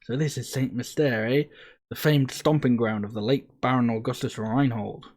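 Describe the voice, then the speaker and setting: A man's voice: mid-range voice, fairly even intonation, moderate pace, a little mellow, natural voice. A man reading the lines of a smug, scheming male villain in a puzzle game, in a gloating, mocking manner.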